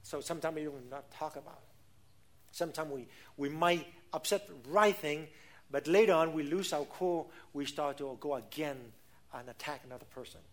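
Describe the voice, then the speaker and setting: A high-voiced middle-aged man preaching a sermon as pastor. He speaks emphatically in non-native English, often checking in with rhetorical questions. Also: moderate pace.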